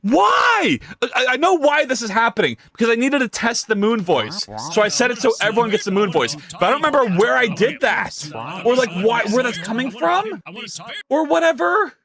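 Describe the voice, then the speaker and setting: A man's voice: very high-pitched, very animated, normal speed, a crowd in the background. A man streaming his game development live, talking to chat in a frantic, exclaiming way with a lot of swearing.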